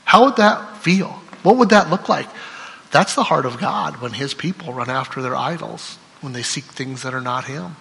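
Bright-voiced male preacher in echoing hall. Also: medium pitch, lively intonation, normal speed, gravelly, slight background noise. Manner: swings between loud declarations and soft trailing endings. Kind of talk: sermon with scripture reading. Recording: long hall reverb.

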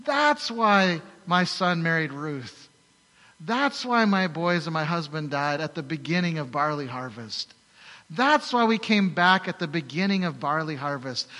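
A man's voice: a little high, animated, unhurried, sharp tone. A man voicing the older widow Naomi, overjoyed in heaven as she grasps the plan behind her losses. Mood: amazed, elated. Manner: shrieking with amazed realization. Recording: long hall reverb.

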